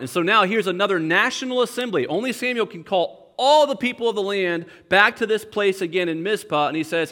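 A young male pastor with a fairly high voice preaches in a conversational, animated way. The long reverb of a church hall trails behind his words. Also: fairly quick, hardly any pauses. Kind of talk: sermon. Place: church sanctuary.

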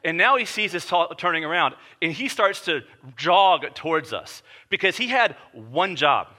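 A man preaching a sermon as pastor, telling a story and then reading and explaining scripture, emphatic and dropping low and quiet for weighty points. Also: big pitch swings, normal speed.

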